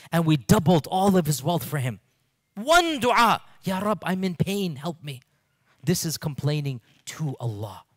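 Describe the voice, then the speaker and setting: A man's voice: mid-range voice, dry recording. Impassioned preacher man, dry sound. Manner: impassioned, emphatic, rhetorical questions. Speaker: Islamic lecturer. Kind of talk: sermon-style lecture.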